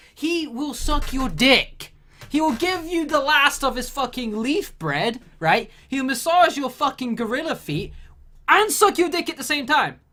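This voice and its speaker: A woman's voice: high voice, fairly bright tone. A woman delivering a sweary, exasperated comedic rant.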